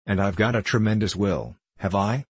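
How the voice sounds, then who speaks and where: A man voicing a gruff, stern old gentleman in a storybook reading. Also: lowish voice, moderate pace, no echo.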